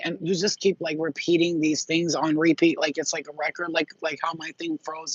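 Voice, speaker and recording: A woman's voice: sits low, flat delivery, moderate pace, hardly any pauses, slightly rough, no echo, dull audio. A woman casually giving a channeled psychic reading to camera, blunt and chatty, swearing freely and speaking straight to her viewers. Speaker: psychic reader.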